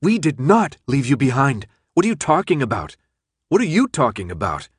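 A man's voice: medium pitch, expressive, moderate pace, no echo, clean studio sound, close to an everyday voice. A man reading an audiobook, voicing a young woman who pleads her case insistently. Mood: pleading.

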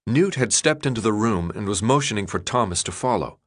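A man narrating an audiobook in a measured, expressive storytelling voice. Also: lowish voice. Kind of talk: scripted narration.

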